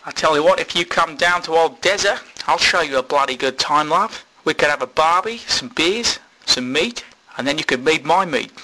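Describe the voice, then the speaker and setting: A man's voice: a little high, animated, normal speed, pushed and bright, poor audio. A man voicing a crude, blunt male agony uncle with a put-on Australian accent, swearing constantly as he gives advice in a comedy podcast sketch. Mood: bawdy.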